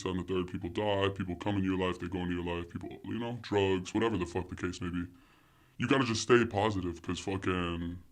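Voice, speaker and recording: A young man, talking loosely as a podcast guest, full of fillers and swearing. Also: deep voice. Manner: loose, profane, heavy on fillers. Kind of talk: casual chat.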